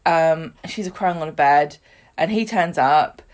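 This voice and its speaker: A woman recaps a soap in casual, chatty podcast talk, slipping into voices for the characters. Her voice sits a little low. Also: slow. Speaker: podcast co-host.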